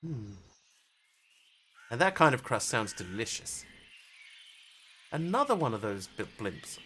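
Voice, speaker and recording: Bright-voiced man rambling while he streams a game. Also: medium pitch, big pitch swings, a little slow, a little hiss or hum. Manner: rambling, jokey, chatty with viewers. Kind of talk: casual live-stream chat while playing.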